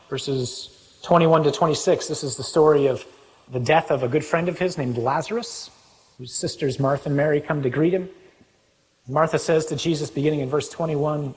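A man preaching a sermon, reading scripture aloud with animated, rising emphasis. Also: a little high. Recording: long hall reverb.

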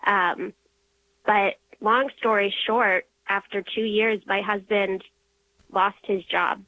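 A young woman calling in to share an emotional personal testimony, earnest and halting, restarting when moved. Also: mid-range voice, steady tone. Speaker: caller. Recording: muffled phone line.

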